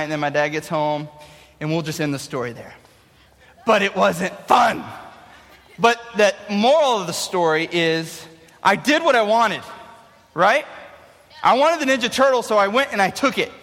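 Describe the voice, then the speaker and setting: A man in his thirties, a youth pastor preaching a sermon with animated storytelling. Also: on the high side, moderate pace. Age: 30s. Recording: long hall reverb.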